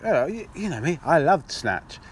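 A man's voice: a little high, big pitch swings, normal speed, slight background noise. A man co-hosting a casual podcast chat in a pub, swearing freely and laughing often. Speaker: podcast co-host.

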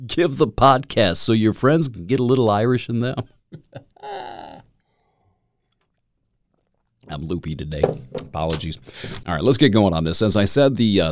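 Male podcast host, low voice with lots of swing, loose and joking, solo monologue. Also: no room sound, clean studio sound. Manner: loose, rambling and wry, chuckling at his own jokes.

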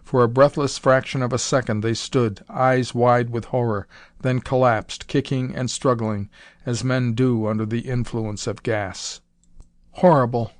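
A man narrating a pulp adventure story in a measured, dramatic reading. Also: medium pitch, steady tone, no room sound. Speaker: audiobook narrator.

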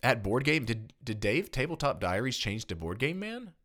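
A man's voice: mid-range voice, big pitch swings, normal speed, a bit bright. A man from Tennessee co-hosting a casual chat, joking and reading out listener comments. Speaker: podcast co-host.

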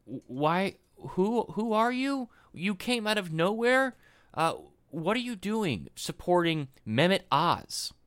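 A man hosting a podcast, giving solo political commentary in a rambling, animated way and often repeating himself. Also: fairly high pitch, clear, resonant tone, no echo, studio quality. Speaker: podcast host.

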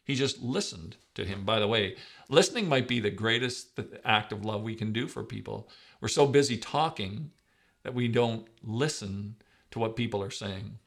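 Emphatic male preacher, loud-soft swings. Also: normal speed, gravelly. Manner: emphatic, swings between loud stresses and soft, low asides. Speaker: pastor. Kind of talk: sermon.

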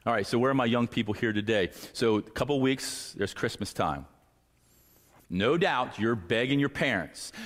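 A man's voice: mid-range voice, moderate pace. A man preaching a sermon as pastor, earnest and at times acting out pleading voices. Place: church sanctuary. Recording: church hall reverb.

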